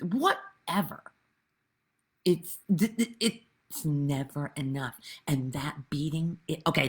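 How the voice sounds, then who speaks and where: A woman with a very deep, husky voice gives a slow spiritual talk outdoors. She rambles earnestly, and her pitch swings widely into sudden animated bursts. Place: outdoors with birds nearby.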